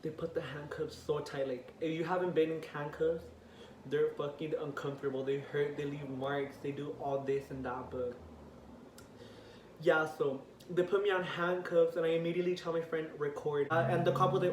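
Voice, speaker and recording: A teenage young man with a slightly high voice recounts a story for his vlog, animated and profane. He acts out each quoted line with heat. The room rings around him, and a faint hiss sits under the voice. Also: normal speed. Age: teens. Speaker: vlogger. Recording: echoey room, voice a bit off-mic, faint hiss.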